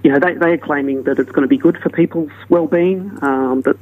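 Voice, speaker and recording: An Australian man, a researcher interviewed on radio, explaining carefully with frequent ums. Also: a little high. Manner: measured, explanatory, many ums. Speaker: guest researcher. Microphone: phone line. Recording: tinny phone line.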